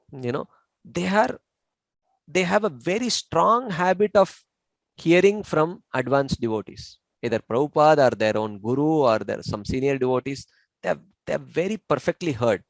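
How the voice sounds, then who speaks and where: A man's voice: a little high, dry recording, low-quality recording. Male scripture teacher, patient and explanatory, dry close sound, lots of "you know" and "uh". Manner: measured, explanatory, many fillers. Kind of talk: informal discussion.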